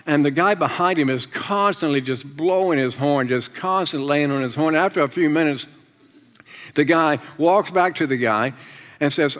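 Animated pastor preaching in a reverberant hall. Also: male voice, fairly high pitch, moderate pace. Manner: animated, self-deprecating storytelling with laughs. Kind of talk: sermon. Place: church sanctuary. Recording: long reverb of a church hall.

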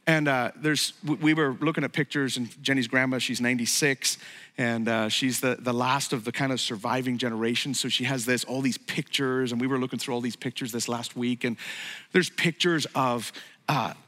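A man's voice: mid-range voice, fairly even intonation, moderate pace, sharp tone. A middle-aged man preaching a sermon as pastor, emphatic and building to raised peaks. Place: church sanctuary. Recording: long hall reverb.

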